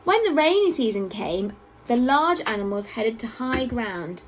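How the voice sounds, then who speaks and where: A woman teacher reading a picture book aloud to children at a school assembly, with expressive storytelling and playful asides. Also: fairly high pitch, unhurried, slight background noise, low-quality recording.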